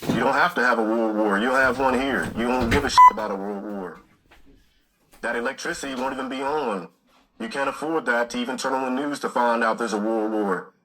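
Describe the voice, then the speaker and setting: A man's voice: medium pitch, a little fast, sharp tone, poor audio. A man in an aggressive, profane rant.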